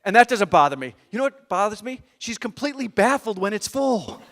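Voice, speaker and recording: A middle-aged man performing live stand-up comedy on a theater stage, animated and exasperated, with audience laughter behind him. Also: high-pitched, fairly quick. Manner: animated, acts out exasperated voices.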